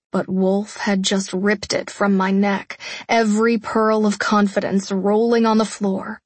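A young woman narrating a first-person romance audiobook in a soft, hushed, intimate voice, often close to a whisper. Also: medium pitch, breathy edge, no echo.

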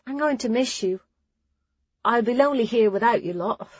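A woman's voice: a little high, moderate pace, husky, no room sound, muffled recording, pitched above the performer's own voice. A woman voicing a teasing, affectionate young novice girl.

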